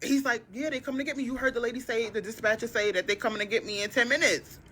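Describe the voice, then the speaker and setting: A woman telling a dating story on a talk show, slangy and expressive, acting out both sides of each conversation. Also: a little high, fast talker, husky. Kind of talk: animated story time.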